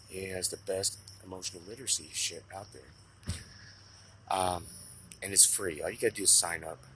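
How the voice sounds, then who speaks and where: A man with a very low voice talks through self-help advice in a loose, unscripted way. He is blunt and swears constantly, doubling back on his own sentences. A steady wash of noise sits clearly behind him. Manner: blunt, swears a lot, rambling with restarts. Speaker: self-help video maker. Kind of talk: casual unscripted talk to camera.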